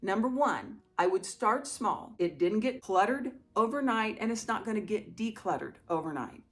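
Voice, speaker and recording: A middle-aged woman talks casually through viewer questions in a gentle, reassuring way. She sounds like the host of a home organizing channel, encouraging and chatty. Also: mid-range voice, animated, moderate pace. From small town. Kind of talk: casual Q&A talk to camera.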